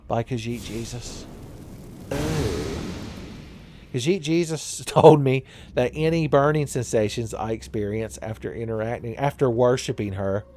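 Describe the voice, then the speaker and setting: A man's voice: medium pitch, darkish tone, a little hiss or hum. Sarcastic man ranting over gameplay. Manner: sarcastic, ranting, laughs at own jokes. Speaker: let's play host. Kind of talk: profane gameplay commentary.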